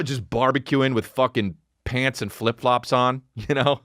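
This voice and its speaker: A man hosting his podcast as a comedian, ranting in an animated, profane way with sudden high mocking outbursts. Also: unhurried, dry recording, studio quality. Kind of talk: comedic rant.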